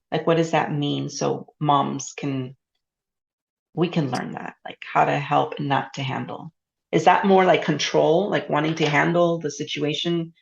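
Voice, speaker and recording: A woman hosts the podcast with a low, gravelly voice. She asks questions and reflects in an encouraging way, often adding a soft "mm-hmm". The audio is slightly dull and muffled. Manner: reflective, encouraging, says frequent affirming "mm-hmm". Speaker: podcast host. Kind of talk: casual interview.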